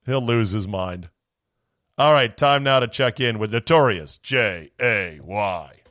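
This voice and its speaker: A man's voice: fairly low pitch, animated, slow, a bit bright, no echo, studio quality. Ranting sarcastic male sports podcaster. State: voice going from screaming. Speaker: podcast host.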